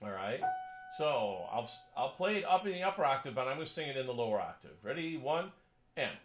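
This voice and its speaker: A man working as a choir conductor, coaching a section through a piece, counting in and singing parts, sometimes in falsetto. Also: very animated, fairly quick, noisy background. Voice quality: sings in falsetto. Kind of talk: choral coaching lesson.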